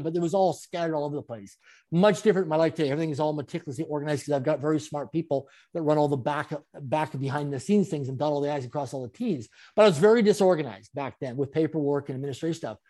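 A man, an interview guest and speaker, telling his story in an animated way with frequent chuckles. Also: fairly high pitch. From Canada.

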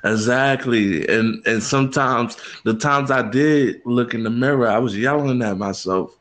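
A man's voice: mid-range voice, unhurried, fairly bright tone, rough recording. A man hosting a casual podcast chat, talking in an earnest, heartfelt way and calling his co-host "bro" again and again.

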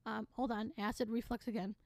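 Teen girl, podcast host, sassy sarcastic rant, bright higher voice, dry close sound. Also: a little fast, no echo. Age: teens. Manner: sassy, sarcastic, animated with sudden loud bursts. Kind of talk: casual solo podcast rant.

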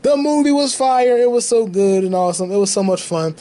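A young man hosting a casual solo podcast, talking in an excited, profane and repetitive way, full of street slang. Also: high-pitched, fairly quick, low-quality recording. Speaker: podcast host.

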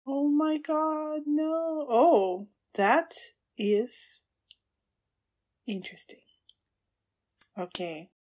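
A woman with a high voice gushes over an episode as she watches it live. Her delivery is slow and unhurried, full of gasps and exclamations, and it drops to hushed asides at tense moments. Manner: gushing, excitable, frequent gasps and exclamations. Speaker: podcast host. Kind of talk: live anime watchalong reactions.

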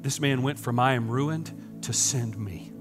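A man preaching a sermon, swinging from hushed whispers to loud, impassioned preaching. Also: mid-range voice, a little slow, over music. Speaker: pastor.

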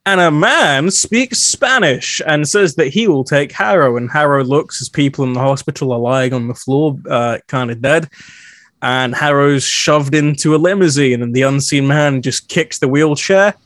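A man's voice: a little high, normal speed, fairly bright tone, no echo, clean studio sound. A man co-hosting a podcast, casually recapping an episode in a frank, opinionated way.

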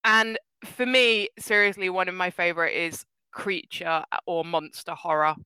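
A woman chatting casually as a podcast co-host, animated and laughing often, her voice jumping up when she gets excited. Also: fairly low pitch, a little slow, smooth, dry recording, low-quality recording. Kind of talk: casual chat.

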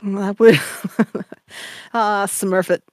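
A woman's voice: medium pitch, fairly even intonation, drawn-out words, no echo. An Irish woman, a musician guest on a radio show, chatting playfully and rambling with frequent laughter. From Ireland. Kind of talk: casual radio chat.

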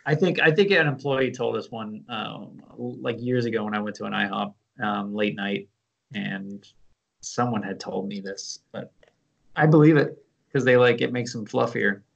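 A man co-hosting a podcast, laid-back and quick to laugh in casual chat. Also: fairly low pitch, vocal fry, lo-fi sound. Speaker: podcast co-host.

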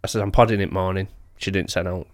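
A northern English man trades blunt, sweary banter on a podcast. His voice sits fairly low, and the close mic and dead room leave it dry. He talks in a casual, offhand way. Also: steady tone, fast, no room sound. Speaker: podcast co-host. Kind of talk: casual chat.

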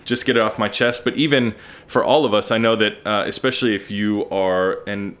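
Earnest, frank man with a lowish voice. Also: steady tone, brisk, a bit bright. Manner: earnest, candid, swears casually. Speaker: podcast host. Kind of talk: solo reflective monologue.

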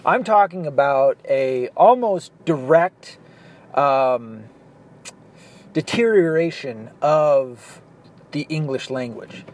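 A man's voice: fairly high pitch, expressive, slow. A blunt, profane man from the American South, ranting his opinions in a monologue while driving. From Southern US, Arkansas. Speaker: vlogger. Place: inside a car, driving. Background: faint car and street noise.

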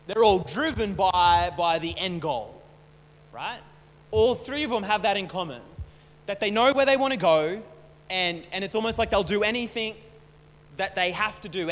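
A man's voice: high-pitched, a bit bright. A man preaching a casual, conversational sermon as pastor, often repeating and restarting words. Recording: long hall reverb, faint hum.

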